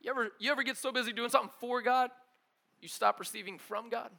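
A young adult man preaching a sermon in a casual, energetic way, using slang like "dude" and "bro" and moving between loud emphatic bursts and quiet low asides. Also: fast, vocal fry. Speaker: pastor.

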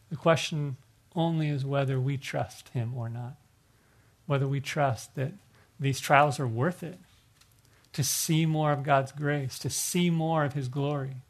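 Earnest gravelly-voiced male preacher. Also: medium pitch. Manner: earnest, conversational preaching with frequent restarts. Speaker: pastor. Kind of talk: sermon.

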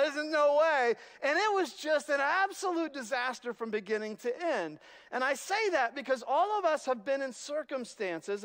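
A man preaching a sermon, telling stories with animated, wry humor. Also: high voice, in a large hall. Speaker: pastor.

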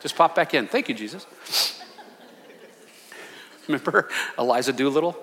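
Male pastor, fiery sermon, high bright voice, long echo of a church hall. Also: animated, moderate pace. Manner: impassioned preaching, swinging between shouts and hushed asides. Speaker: senior pastor. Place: church sanctuary.

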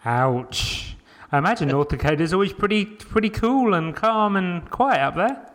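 A man hosting a casual roundtable podcast, brisk and upbeat, who also reads the sponsor spots. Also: sits high, expressive, a bit bright. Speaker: podcast host.

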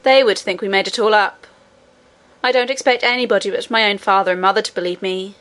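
A woman's voice: mid-range voice, fairly even intonation, brisk, a bit bright, close to an everyday voice. Woman doing a blunt, rude boy. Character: boy miner, blunt and disbelieving.

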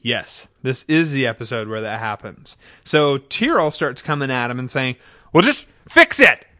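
A man's voice: medium pitch, moderate pace, no room sound, clean studio sound. A man co-hosting a podcast, chatting casually and acting out lines with laughs. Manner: animated, acts out characters' lines with laughs. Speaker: podcast co-host. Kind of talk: casual chat recapping a TV episode.

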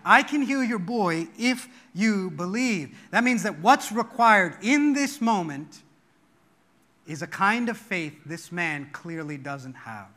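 A man preaching a sermon as pastor, stressing points by swinging between loud declarations and quiet asides. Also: high voice. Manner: emphatic, rises and drops in volume to stress points.

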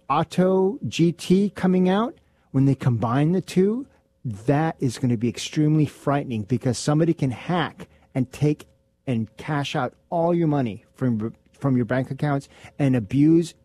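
A married man co-hosting a radio talk show, halting and repeating himself as he searches for words. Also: medium pitch, expressive, mellow, no echo.

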